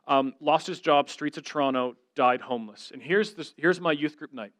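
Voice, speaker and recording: A man's voice: on the high side, moderate pace, a bit bright, dry recording. A middle-aged man giving an earnest, conversational sermon as a guest speaker, telling stories and voicing the people he quotes.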